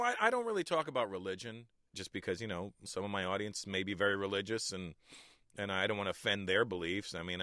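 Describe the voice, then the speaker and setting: A man's voice: sits low, bright, forceful tone, dry recording, clean studio sound. A Canadian man in his forties, a comedian guest in a radio interview, talking in a laid-back, candid and blunt way.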